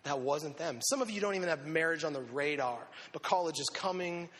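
High, bright-voiced man preaching in a hall. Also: fast talker. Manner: animated and conversational, acting out quotes. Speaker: preacher speaking to young people. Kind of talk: sermon. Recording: long echoing hall reverb.

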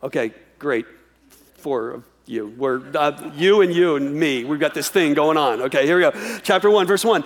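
A man preaching a sermon, animated, often restarting and repeating words as he acts out a dialogue. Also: fairly high pitch, moderate pace. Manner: animated, acts out voices of God and the prophet. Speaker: pastor.

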